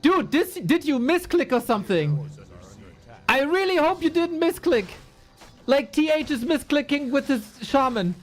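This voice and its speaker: A man casting a live esports stream, excitable and exclamatory, swearing freely. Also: extremely high pitch, unhurried, soft background music. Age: adult, long-time caster. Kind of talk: live stream game commentary.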